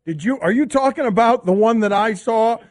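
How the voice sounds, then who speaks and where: Excitable high-voiced male radio host. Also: fairly quick. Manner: excitable storyteller, laughs while talking. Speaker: radio sports show host. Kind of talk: animated radio banter.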